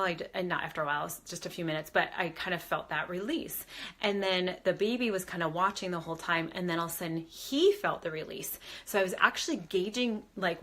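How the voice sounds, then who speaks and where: A woman medium tells a story in a casual, chatty way. She speaks to a live audience in a somewhat low voice and keeps the telling lively. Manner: chatty, lively retelling with quoted voices and laughs. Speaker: medium and spiritual advisor.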